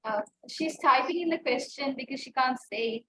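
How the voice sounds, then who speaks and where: A young woman student with a high voice speaks up in class. Her talk is quick and casual as she fusses over the microphone and the call. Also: sharp tone, rough recording.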